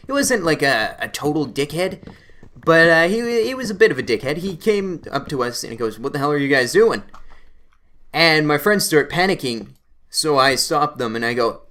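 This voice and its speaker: A man's voice: on the high side, a bit bright. A young man from Canada, a gaming channel host, rambling animatedly through a casual story while playing a game.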